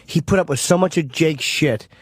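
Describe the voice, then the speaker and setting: A man's voice: fairly high pitch, normal speed, husky, no echo, studio quality. A male radio co-host in casual talk, blunt and argumentative. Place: radio studio. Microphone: studio microphone.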